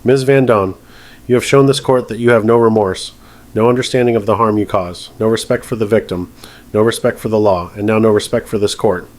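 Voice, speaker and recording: A man voicing a stern judge who speaks in a calm, measured, precise way. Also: on the low side, lightly acted. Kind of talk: scripted narration.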